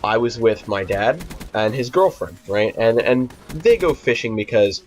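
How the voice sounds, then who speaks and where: In a dull, lo-fi recording with faint music behind him, a teenage vlogger rambles through a profane storytime. He speaks at a measured pace in a mid-range voice with lively intonation, stumbling over fillers and restarts.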